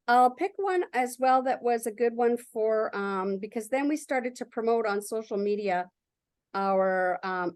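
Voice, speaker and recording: Chatty woman presenting a workshop. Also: fairly high pitch. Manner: chatty and enthusiastic, reads prompts aloud. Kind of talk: casual workshop walkthrough.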